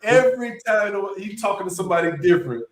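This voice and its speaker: A man telling a story in a relaxed, laid-back casual chat. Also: high voice, quick pace, a little hiss or hum. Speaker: instructor. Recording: echoey, from far off the mic.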